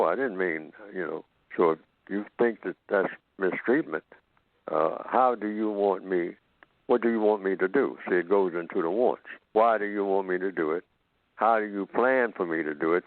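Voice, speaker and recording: A man speaking as a guest on a call-in radio show, explaining slowly and acting out example conversations. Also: low voice, no room sound. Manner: explains slowly and acts out sample dialogues. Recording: dry tinny phone line.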